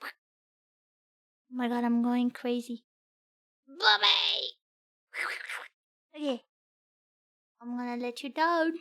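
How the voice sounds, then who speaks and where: Slow, high, giggly streamer woman. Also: animated, vocal fry, pushed and bright, no room sound, studio quality. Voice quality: giggly, playful, scolding her cat. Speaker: VTuber streamer reacting to a video. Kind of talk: casual reaction stream chat.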